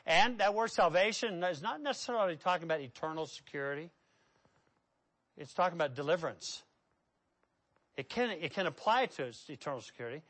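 A man preaching a sermon, building to loud emphatic peaks and then dropping to a low, quiet delivery, with a repetitive cadence. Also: lively intonation, a little fast, pauses often. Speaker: pastor.

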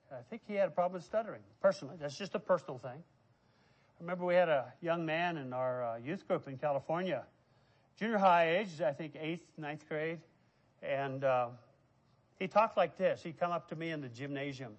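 A middle-aged man preaching a sermon, emphatic and loud on key words. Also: on the high side, normal speed, dull audio. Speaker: pastor.

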